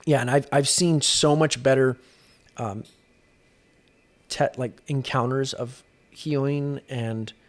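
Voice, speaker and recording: A man's voice: medium pitch, fairly even intonation, slow, pauses often. A young adult man, a guest on a podcast, speaking earnestly in casual conversation and often restarting his sentences. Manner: earnest storytelling with frequent restarts. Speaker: guest, exorcist.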